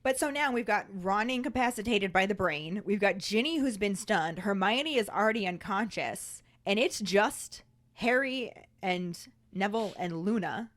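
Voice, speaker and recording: A woman's voice: medium pitch, animated, moderate pace, fairly bright tone, no echo. A woman co-hosting a podcast, chatting casually and acting out quoted lines. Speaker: podcast co-host. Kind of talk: casual chat.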